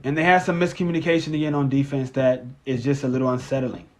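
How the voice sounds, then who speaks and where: A man's voice: mid-range voice, steady tone, fast talker, a little mellow. A man hosting a casual post-game sports live stream, rambling and cursing, often stammering and restarting words.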